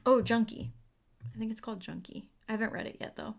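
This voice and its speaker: A young woman hosts a livestream, chatting casually and replying to viewer comments as they come in. Her voice sits fairly high with fairly even intonation, and she talks fast with a creaky quality.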